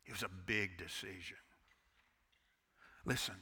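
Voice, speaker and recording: A man's voice: on the high side, lively intonation, a little slow, gravelly, long pauses. A man preaching a fervent sermon in a reverberant church. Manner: impassioned preaching, swinging from loud to hushed. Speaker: pastor. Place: church sanctuary.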